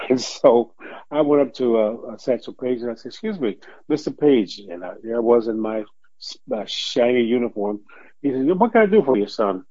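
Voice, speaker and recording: A man's voice: medium pitch, dry recording. An older man from Detroit, a former police officer, telling stories as an interview guest and acting out the voices he quotes. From Detroit, USA. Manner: animated storyteller who acts out quoted voices and laughs often. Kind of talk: storytelling in an interview. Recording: dull lo-fi recording.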